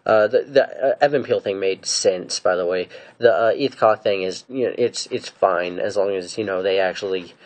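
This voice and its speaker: A man's voice: deep voice, moderate pace. A man casually recapping and giving opinions on episodes of a show, rambling and hesitant with many fillers and restarts. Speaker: fan reviewer.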